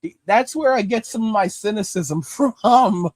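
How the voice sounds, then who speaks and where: A man's voice: sits high, lively intonation, measured pace, darkish tone, dry recording, clean studio sound. A man with a New York accent, ranting through profane, mocking commentary as a streamer.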